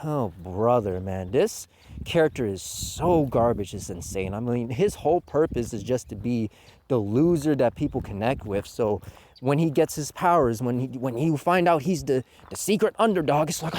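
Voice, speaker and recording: A man giving a casual manga review, sarcastic and mocking with rough language. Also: medium pitch, expressive, moderate pace, a little mellow, a little hiss or hum.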